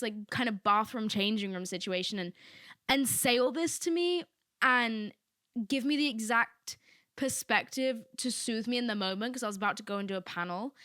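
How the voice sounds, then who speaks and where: Bright-voiced young woman podcasting. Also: a little high, no echo, studio quality. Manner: rambling and candid, full of "like" asides. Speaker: podcast host. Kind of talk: casual solo podcast monologue.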